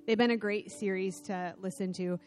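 A middle-aged woman preaching a sermon in church, telling a self-deprecating personal story with animated delivery. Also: mid-range voice, moderate pace, soft background music. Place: church sanctuary.

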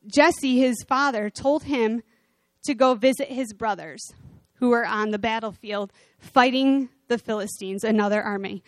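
A woman preaching a sermon, conversational and animated as she retells scripture. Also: a little high, dry recording.

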